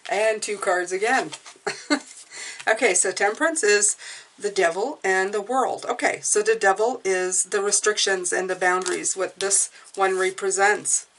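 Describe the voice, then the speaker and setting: A woman talking through a tarot reading in a loose, chatty way, circling back to repeat words and reassuring the listener with frequent "okay?"s. Her voice sits at an ordinary middle pitch. A faint hiss runs underneath. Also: fairly even intonation, a little slow, a bit bright. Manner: reassuring, often adds "okay?". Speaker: tarot reader. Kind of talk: casual spoken tarot reading.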